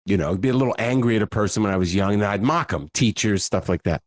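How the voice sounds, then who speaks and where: A middle-aged man, a comedian and impersonator, telling animated, self-deprecating stories in a podcast interview. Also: lowish voice, fast, dry recording, studio quality. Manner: lively storyteller, slips into voices, self-deprecating.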